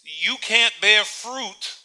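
High, sharp-voiced male preacher. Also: lively intonation, drawn-out words. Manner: rhetorical questions, repeats words, chuckles at own points. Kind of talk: sermon.

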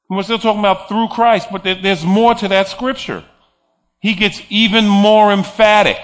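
A man's voice: high voice, pushed and bright. A man preaching a sermon, emphatic, repeating phrases and chuckling between points.

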